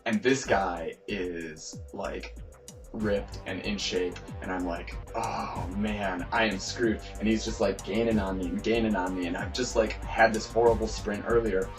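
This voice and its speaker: A man narrating his run through a city chase game in a casual, lively storytelling voice, acting out the shouts he heard. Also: fairly low pitch, unhurried, music in the background. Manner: lively retelling, acts out quoted shouts.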